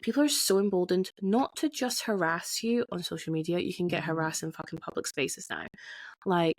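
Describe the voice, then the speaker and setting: A woman's voice: lowish voice, normal speed, no echo. A woman hosting her podcast alone, talking candidly, swearing freely and restarting her sentences often. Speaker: podcast host. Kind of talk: candid solo podcast monologue.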